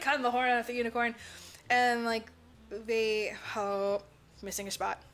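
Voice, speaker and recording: A slightly high-voiced woman speaks a little slowly, pausing often, with faint music behind her. Co-hosting a podcast, she recaps a movie in an animated, profane way and performs the characters' dialogue.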